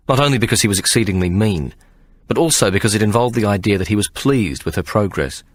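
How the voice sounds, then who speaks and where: A man narrating an audiobook with measured, expressive storytelling. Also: on the low side. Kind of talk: scripted narration.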